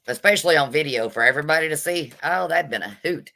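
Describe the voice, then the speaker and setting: A woman with a bright, forceful voice rants bluntly with plenty of sass. Her tone is indignant as she runs a live vlog commentary and stops to greet her viewers. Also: low-pitched, animated, fast, few pauses. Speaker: vlogger.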